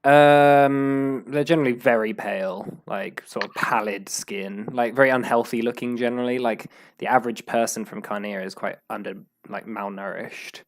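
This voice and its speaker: A man's voice: mid-range voice, steady tone, normal speed, hardly any pauses. A man acting as game master, describing the game world in a rambling way with many restarts. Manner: rambling, full of fillers and restarts.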